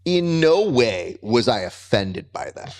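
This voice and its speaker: A man hosting a grappling podcast, telling stories in a casual, animated way and acting out his own reactions. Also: takes it slowly. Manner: animated storyteller, jumps high when quoting himself. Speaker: podcast host. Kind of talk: casual interview chat.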